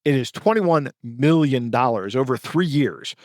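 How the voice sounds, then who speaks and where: A man co-hosting a podcast, recounting news stories in a casual, halting way with many fillers and self-corrections. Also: mid-range voice, expressive, no echo, studio quality. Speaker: podcast co-host.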